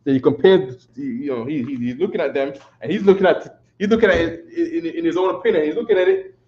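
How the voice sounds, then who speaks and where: A man's voice: on the high side, lively intonation, quick pace, slight background noise. Man, New York accent, classroom lecture, repeats himself, roomy lo-fi sound. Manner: repetitive, conversational, checks with "right?". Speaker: class teacher. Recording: echoey room, dull lo-fi sound.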